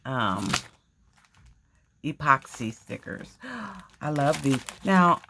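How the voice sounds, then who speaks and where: A woman's voice: a bass voice, expressive, drawn-out words, noisy background. A woman casually chatting through an unboxing vlog at home, effusive, gasping and repeating her words. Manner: effusive, exclaims and gasps over items, repeats phrases. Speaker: crafting vlogger.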